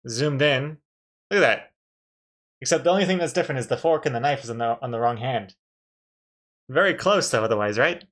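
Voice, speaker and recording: A man's voice: medium pitch, lively intonation, a little fast, pauses often, fairly bright tone. A male streamer giving chatty live-stream commentary on a drawing game, reacting with frequent laughs.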